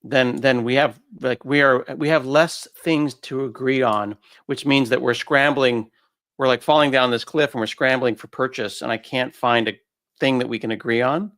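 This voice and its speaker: A man's voice: mid-range voice, fairly even intonation, moderate pace, a bit bright, no room sound. A man being interviewed who explains ideas casually and often acts out short quoted voices. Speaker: guest. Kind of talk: conversational interview.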